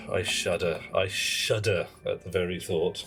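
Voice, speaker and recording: A man's voice: low voice, steady tone, slow pace, fairly bright tone, faint music behind. A man chatting on a live game stream in a wry, theatrical way. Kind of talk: casual live-stream chat.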